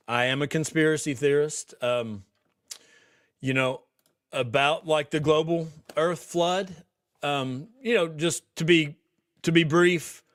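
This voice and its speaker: His voice is a little high and a bit bright. He's hosting a podcast livestream, reading viewer comments in a casual, rambling chat, frequently laughing and starting his sentences over.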